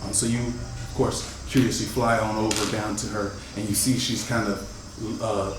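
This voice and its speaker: A man running a tabletop game as game master, describing scenes in a halting way with many fillers and restarts. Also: on the low side, little pitch movement. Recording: echoey room far from the mic with noise.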